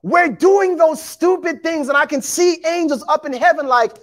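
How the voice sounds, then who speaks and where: High-voiced animated male preacher. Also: normal speed, hardly any pauses. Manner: animated, acts out quotes, shouts for emphasis; addresses congregation as beloved and y'all. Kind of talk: sermon.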